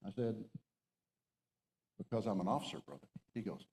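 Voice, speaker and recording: A man's voice: on the low side, animated, brisk, pauses often, darkish tone, in a large hall, slight background noise, poor audio. A middle-aged man, a retired Marine colonel, giving an emphatic storytelling talk from a stage to a men's group. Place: stage before an audience.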